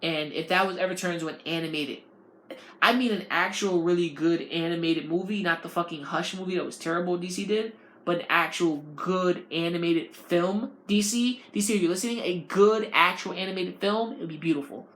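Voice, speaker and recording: A woman podcaster rants casually, swearing freely and jumping between points. Her voice is on the low side. The recording sounds roomy, with a faint hum of ambience behind it. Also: moderate pace. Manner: animated, profane, rambling delivery. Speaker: podcast host.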